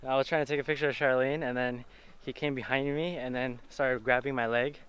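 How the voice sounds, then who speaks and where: A man's voice: medium pitch, little pitch movement, fairly quick, clean tone. A man chatting casually on a travel vlog, laughing often and stopping for fillers, filmed outdoors on a handheld camera. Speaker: travel vlogger. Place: outdoors in busy tourist spots. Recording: loud outdoor crowd and street noise.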